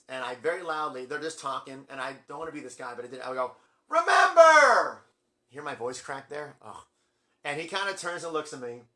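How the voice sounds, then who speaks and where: A middle-aged man telling a long, rambling story on his video blog, acting out quotes with big jumps in his voice. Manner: excitable, acts out quotes with big pitch jumps. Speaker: music vlogger.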